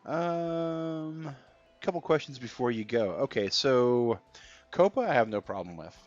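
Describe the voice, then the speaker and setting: A man's voice: medium pitch, expressive, a little slow. A man streaming a game, chatting casually and reading out viewer comments. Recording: dull lo-fi stream audio with faint music.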